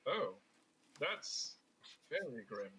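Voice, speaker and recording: A man voicing Sir Brightwater, a cheerful, slightly pompous knight in a tabletop role-play game. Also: mid-range voice, big pitch swings, very slow, a little hiss or hum, exaggerated voice, low-quality recording. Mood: cheery. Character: eccentric upbeat adult male knight, Sir Brightwater.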